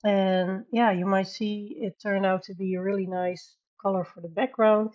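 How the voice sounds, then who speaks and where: A woman's voice: medium pitch, highs cut off. A woman hosting a coloring video, talking casually and thinking aloud as she works. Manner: relaxed, unhurried, thinking aloud.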